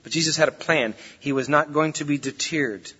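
This pastor's sermon comes across as conversational and folksy, recorded in a reverberant church hall with dull lo-fi sound. His voice sits fairly high, pushed and bright with slight roughness, at a moderate pace.

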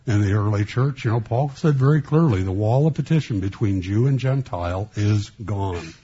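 Halting low-voiced male pastor, muffled. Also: warm tone, a little hiss or hum. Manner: halting, with many restarts and a sarcastic streak. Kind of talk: sermon.

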